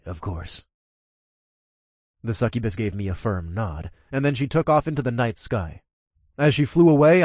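A man's voice: mid-range voice, darkish tone, no echo, clean studio sound. A man narrating a first-person story in a casual manner with crude asides.

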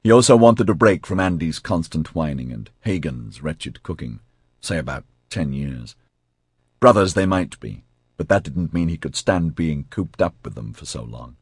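A very deep, husky male voice narrating an audiobook, with wide, lively swings of pitch. He tells the story expressively, recorded close and dry with no room sound. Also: normal speed, no echo.

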